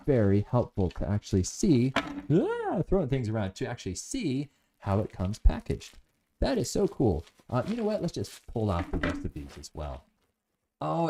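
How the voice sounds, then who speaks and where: A man's voice: lowish voice, warm tone. A man hosting a casual live product review, enthusiastic and rambling into stories.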